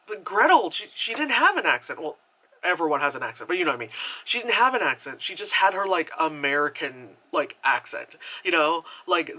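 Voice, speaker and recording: A man's voice: fairly high pitch, bright, forceful tone, poor audio. A man giving a casual spoken movie review at home, rambling with lots of fillers and the odd casual swear. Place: at home, indoors.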